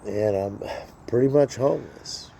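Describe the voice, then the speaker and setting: His voice is lowish, gravelly and warm, with a measured pace and a little hiss or hum on the audio. The man, in his sixties, vlogs outdoors in a rambling, blunt, weary way, swearing freely.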